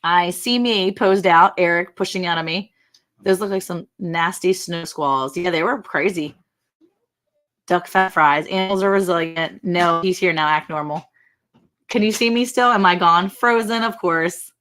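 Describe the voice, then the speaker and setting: A woman's voice: lowish voice, measured pace, fairly bright tone. A woman hosting a casual ranch livestream, chatty and laughing often as she greets viewers by name.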